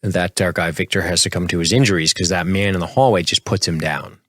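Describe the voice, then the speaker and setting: Low-voiced man recapping a show. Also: a little fast, dry recording, clean studio sound. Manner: recaps scenes in a relaxed, chatty way. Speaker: podcast co-host. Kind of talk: casual podcast chat.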